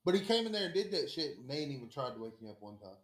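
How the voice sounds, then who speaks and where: A man's voice: mid-range voice, big pitch swings, racing. A man co-hosting a podcast, chiming in bluntly with profane stories of his own. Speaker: podcast co-host. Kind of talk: casual chat. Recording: echoey room.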